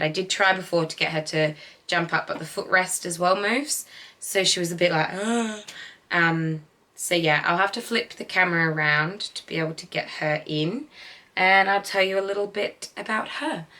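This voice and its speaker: A woman's voice: fairly low pitch, brisk, pushed and bright. A young woman vlogging casually at home, chatty and affectionate, cooing at her dogs as she talks to the camera. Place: home, indoors. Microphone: camera resting on the bed.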